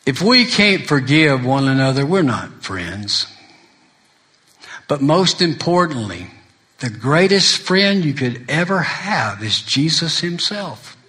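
A man's voice: a little high, big pitch swings, slow pace, bright, forceful tone. A middle-aged man preaching a sermon, telling folksy stories and acting out other people's lines. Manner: folksy storytelling preacher, acts out friends' lines. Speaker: pastor.

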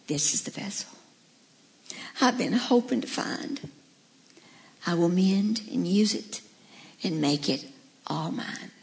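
A gentle, loving master who chooses the humble broken vessel, voiced by a woman preacher. She reads the part slowly and tenderly. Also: fairly high pitch, lively intonation, voice pushed up.

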